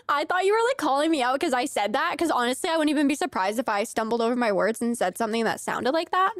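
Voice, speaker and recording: Young woman, streamer, giggly casual chat, fairly high voice, dry sound. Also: big pitch swings, quick pace, no room sound. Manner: chatty and giggly, lots of "like" fillers. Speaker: streamer playing a farming game.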